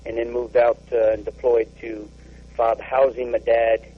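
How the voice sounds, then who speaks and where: A man, an army officer, recounting a deployment in a radio interview, halting with many fillers and restarts. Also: mid-range voice, flat delivery, breathy edge. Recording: dull lo-fi radio sound.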